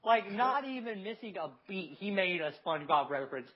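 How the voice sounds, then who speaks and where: A man co-hosting a podcast, telling stories in a casual, animated way with swearing. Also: high-pitched, brisk, over a noisy crowd. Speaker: podcast co-host. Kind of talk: casual chat. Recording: dull lo-fi sound.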